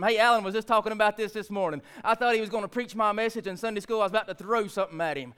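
Pastor in his thirties, very high clear voice, earnest preaching that swells to emphatic peaks. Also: fast talker, hardly any pauses, fairly bright tone. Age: 30s. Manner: fervent, repetitive preaching that builds to emphatic climaxes. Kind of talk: sermon.

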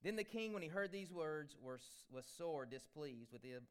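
A male preacher delivering a sermon, swinging between loud exclamations and hushed asides. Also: fairly high pitch, lively intonation, normal speed, smooth.

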